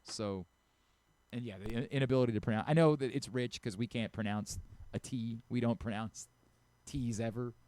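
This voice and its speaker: A radio host with a Baltimore accent, ranting animatedly in casual sports banter and laughing often. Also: male voice, mid-range voice, fairly even intonation, normal speed, darkish tone. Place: radio studio.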